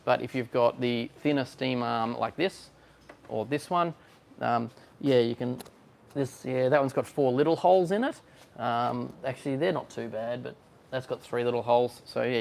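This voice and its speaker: A man's voice: mid-range voice, steady tone, moderate pace, gravelly, darkish tone. A man working as a barista and hosting, chatting casually with customers and explaining coffee gear hands-on. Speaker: barista and coffee shop host. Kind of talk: casual chat while working. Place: coffee shop espresso bar.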